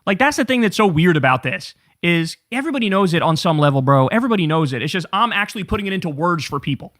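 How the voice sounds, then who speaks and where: A man's voice: high-pitched, fast talker. A man in his thirties hosting a casual political commentary show, ranting with sarcasm and plenty of swearing. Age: 30s. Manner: profane, animated, sarcastic ranting.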